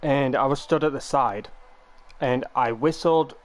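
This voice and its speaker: A young man talking to his viewers on a live game stream. He speaks at a middle pitch and wanders through long, meandering explanations. He sounds casual and unhurried. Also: soft background music.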